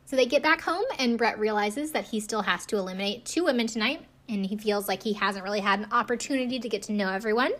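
A woman's voice: mid-range voice, quick pace, hardly any pauses, a bit bright. A woman recapping a reality dating show in a chatty, snarky way, often acting out quotes in funny voices. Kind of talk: casual recap chat.

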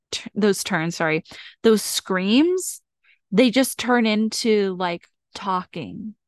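A woman in the middle of her pitch range talks through a solo self-help podcast. Her delivery is casual and direct, full of "like" fillers, and her voice sits close and dry with no room sound. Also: dry recording. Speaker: podcast host.

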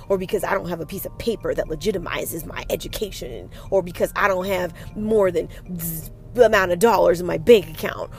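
A woman hosting a solo motivational podcast, talking in an energetic, emphatic and casual way with some swearing. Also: on the low side, gravelly. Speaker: podcast host.

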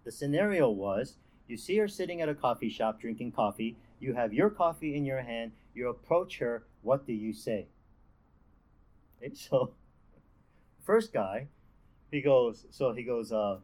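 A man's voice: mid-range voice, expressive, unhurried, darkish tone, poor audio. Young man giving a casual devotional talk. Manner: conversational, lots of fillers and restarts. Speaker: campus ministry speaker.

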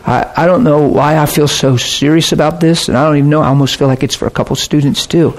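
A man's voice: a little high, steady tone, brisk, hardly any pauses. A man preaching with earnest intensity, retelling a personal story and acting out both sides of the conversation. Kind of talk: sermon storytelling.

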